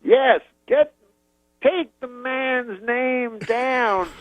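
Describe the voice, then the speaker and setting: A man's voice: very high voice, extremely slow, no echo, pitched above the performer's own voice, heavily acted. A man doing a clipped, grand older comedian. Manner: talks in short fragments, not full sentences. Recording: dull lo-fi audio.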